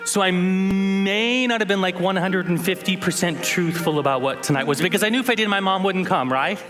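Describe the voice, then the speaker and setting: Animated storytelling man on stage. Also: sits high, brisk, soft background music, rough recording. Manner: animated, acts out scenes. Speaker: keynote speaker. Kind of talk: personal storytelling talk. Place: conference hall.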